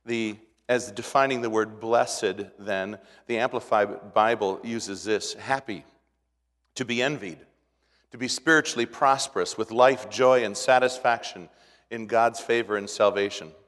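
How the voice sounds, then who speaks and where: A middle-aged pastor preaching a sermon in a folksy, conversational way, with restarts and rising emphasis. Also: male voice, lowish voice, measured pace, fairly bright tone, long reverb tail.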